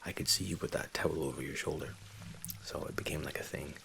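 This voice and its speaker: Hushed and easygoing, a man in his thirties who hosts an ASMR channel responds to viewer questions, often sliding into whispers. English by birth and raised in Scotland, he has a very low, gravelly voice with heavy creaky fry, fairly even intonation, and a fast pace, recorded close to a USB condenser mic at home.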